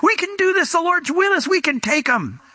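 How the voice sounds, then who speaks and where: A man doing a high, urgent leader hushing a crowd. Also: sing-song, moderate pace, no room sound, studio quality, heavily acted. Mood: rallying. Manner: urgent, pleading, repeating himself. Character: bold male leaders rallying a crying crowd.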